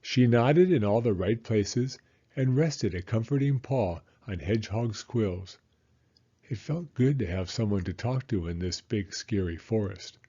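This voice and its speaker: A man reading a children's picture book aloud in an expressive, animated storytelling manner. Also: on the low side, measured pace, breathy edge, dull audio. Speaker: storybook reader.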